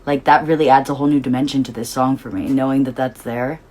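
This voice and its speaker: A woman hosting her own show delivers a casual, musing monologue in a very deep, darkish voice, talking fast with fairly even intonation. She rambles eagerly and enthusiastically, filling her speech with lots of "like."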